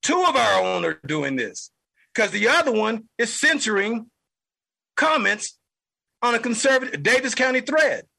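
A man's voice: very high-pitched, sing-song, moderate pace, creaky, pushed and bright, slightly rough, rough recording. A man hosting a political podcast, delivering an angry, heated monologue and repeating lines for emphasis. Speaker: podcast host.

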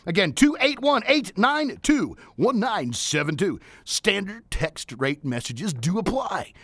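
A man hosting a talk radio show, delivering an energetic, repetitive motivational monologue from the studio. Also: high-pitched, a little slow, no room sound. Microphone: studio microphone.

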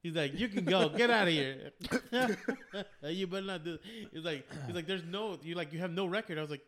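A man's voice: sits high, brisk. Laughing man telling a story. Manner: animated storyteller, often laughing. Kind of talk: casual chat.

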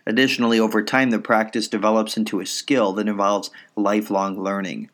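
A man with a fairly low voice talks through parenting advice on his podcast. He sounds calm and measured and explains things patiently, step by step. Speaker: psychologist podcast host. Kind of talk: educational parenting podcast talk.

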